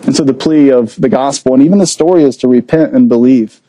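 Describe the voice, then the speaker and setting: A man's voice: mid-range voice, quick pace, dark tone, no room sound, rough recording. A man preaching a sermon in a conversational way, with frequent rhetorical questions. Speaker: pastor.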